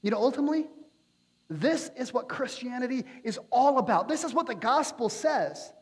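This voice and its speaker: High-voiced preacher in a reverberant hall. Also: male voice, animated, moderate pace, husky. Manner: passionate, building to near-shouts at climaxes. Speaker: pastor. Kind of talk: sermon. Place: church sanctuary.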